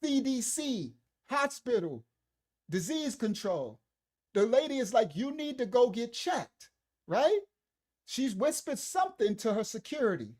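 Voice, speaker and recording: Livestream commentator, animated, frequent laughter, chatty, mid pitch. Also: slightly rough. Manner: animated, laughs often, talks to chat. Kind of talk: casual livestream commentary on video clips.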